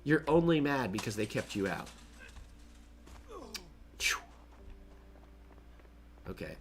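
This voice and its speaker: Slow-talking man streaming a game. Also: mid-range voice, very animated, creaky. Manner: chatty, narrates his own play, jokes and laughs to himself. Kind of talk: casual gameplay commentary.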